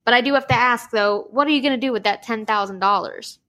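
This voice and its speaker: A woman voicing a gruff, blunt male oil tycoon while telling a joke. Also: a little high, quick pace, pushed and bright. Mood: amazed.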